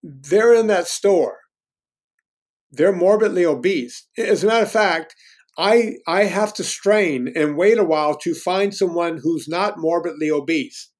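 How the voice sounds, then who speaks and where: Man in his fifties, slightly high voice, candid self-deprecating storyteller, halting restarts. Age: 50s. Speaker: guest. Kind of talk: casual conversational storytelling.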